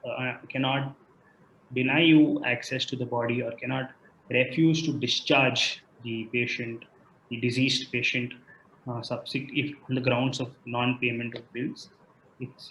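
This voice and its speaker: A man's voice: medium pitch, a bit bright, a little hiss or hum. A man acting as a legal expert, explaining citizens' rights in a live online Q&A, hesitant with frequent restarts and fillers. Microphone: video call. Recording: roomy, muffled video call audio.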